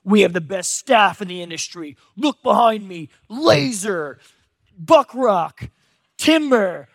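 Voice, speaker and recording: A man voicing an overexcited male adventure guide who yells everything, then turns dead serious, within a sermon. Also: high voice, lively intonation, slow, vocal fry, dry recording, heavily acted. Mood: boastful. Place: church stage.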